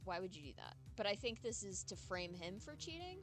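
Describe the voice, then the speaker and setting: A woman streaming a courtroom game, reading the dialogue aloud and chatting excitedly between lines. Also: medium pitch, a little fast, music in the background. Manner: chatty, excitable, giggly asides. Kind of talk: casual let's-play commentary, reading lines.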